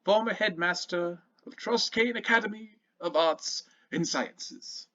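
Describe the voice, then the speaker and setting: A formal butler announcing a guest in a high, pompous, drawn-out voice, as a man puts him on at a tabletop game. The sound is slightly muffled and lo-fi. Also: sharp tone.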